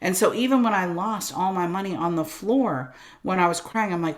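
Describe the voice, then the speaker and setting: A woman guest on a podcast interview, telling her story in an animated way, acting out her own thoughts and swinging between quiet and loud. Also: fairly low pitch, a little fast. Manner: animated, acts out voices of herself and God, swings loud and soft. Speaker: guest, business coach.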